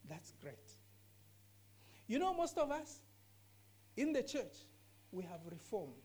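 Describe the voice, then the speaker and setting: Woman, scripture teacher in a discussion; earnest, emphatic, repeats points, lively pitch. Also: slow pace, husky. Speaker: bible teacher.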